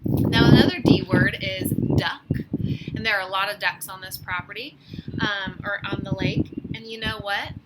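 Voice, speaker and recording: A woman teacher giving a phonics lesson to young children, slowly sounding out letters with encouragement, outdoors on a deck. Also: mid-range voice, sing-song, vocal fry. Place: outdoors on a deck by a lake, rain starting. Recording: loud outdoor noise.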